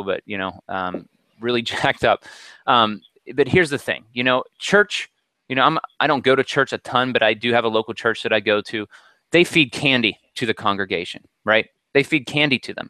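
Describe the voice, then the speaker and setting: Man, bright voice, dry sound, motivational presenter, preachy and energetic, video call. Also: mid-range voice, no room sound. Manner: energetic, preachy, many fillers. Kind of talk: motivational talk over screen share.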